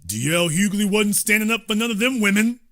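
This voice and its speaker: A man ranting as a commentary host, heated and mocking, with profanity throughout. His voice is high and bright, and it swings widely in pitch as he drives each point home. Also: lively intonation, a little fast. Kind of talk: political commentary rant.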